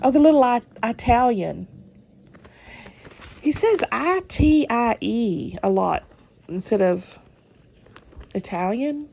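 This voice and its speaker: Slow-reading woman, mellow voice. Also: on the high side, animated, vocal fry. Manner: unhurried reading with chatty comments. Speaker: channel host reading family letters. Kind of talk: reading old letters aloud with asides.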